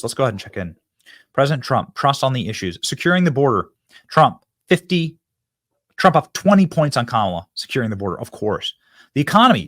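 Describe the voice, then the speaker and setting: A man hosting a political commentary show, talking emphatically and mockingly, with sudden loud outbursts. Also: fairly high pitch, dry recording, studio quality.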